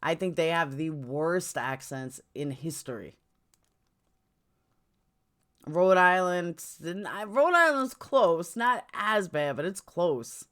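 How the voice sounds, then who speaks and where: A woman's voice: lowish voice, expressive, slow pace, hardly any pauses, a bit bright. A middle-aged woman with a New York accent hosting a casual livestream chat from home, blunt and chatty, jumping between topics. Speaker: livestream host. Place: home, indoors.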